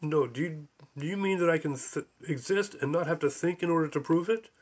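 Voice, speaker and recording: A man voicing an anxious, excitable slug in an audiobook, whiny and easily thrilled. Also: fairly high pitch, brisk, husky. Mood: fretful.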